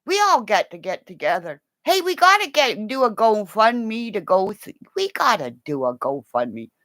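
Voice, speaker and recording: Mulher canadense risonha e animada. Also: female voice, mid-range voice, big pitch swings, normal speed, fairly bright tone, no echo. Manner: giggly, swearing, jumps between topics and laughs often. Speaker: livestream host. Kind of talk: rambling livestream chat. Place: home, lying down. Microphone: phone held while lying down.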